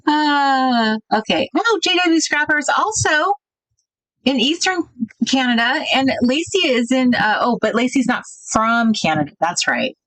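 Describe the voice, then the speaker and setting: A woman hosting a casual craft livestream, thinking out loud and chatting with viewers about their comments. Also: sits high, animated, measured pace, dry recording, rough recording. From United States.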